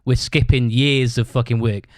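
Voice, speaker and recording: This man hosts a podcast, speaking at a moderate pace in a steady, medium-pitched voice on a dry recording. His casual storytelling rambles, laced with constant swearing and a habitual "right?" at the end of sentences.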